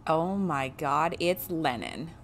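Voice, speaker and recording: A woman gives casual let's-play commentary, laughing and cursing as she goes. Her voice sits a little low but swings widely in pitch, with faint hiss behind it. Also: animated, slow. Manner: chatty, swears freely, laughs a lot. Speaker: streamer playing a game.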